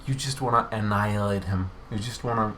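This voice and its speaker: A man's voice: lowish voice, steady tone, a little fast, a bit bright, slight background noise. A man hosting a developer livestream, chatting casually and teasing his co-host while showing player builds. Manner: jokey, teasing, playful. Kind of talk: casual chat over gameplay.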